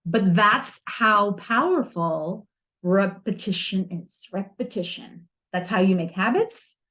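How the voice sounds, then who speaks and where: Animated, candid woman hosting a podcast. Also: medium pitch, slow pace. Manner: candid, humorous, animated, with playful slang. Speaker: podcast host. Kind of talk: candid self-help podcast talk.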